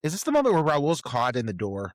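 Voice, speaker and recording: Male co-host, mid-pitched, dry, reflective analysis that is loose and chatty. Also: wildly swooping pitch, quick pace, dry recording. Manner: thoughtful, analytical commentary with filler words. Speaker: podcast co-host. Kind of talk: casual film-discussion chat.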